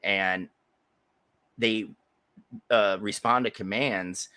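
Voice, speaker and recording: A man co-hosting a podcast, telling a story in casual chat, animated and laughing, acting out voices as he goes. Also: fairly low pitch, drawn-out words, clean tone. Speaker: podcast co-host.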